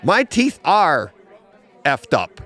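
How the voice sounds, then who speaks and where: Animated man telling a story in a comic shop. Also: a little high, drawn-out words. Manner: animated storyteller, laughs through his own jokes. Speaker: podcast co-host. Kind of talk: casual chat. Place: comic book store.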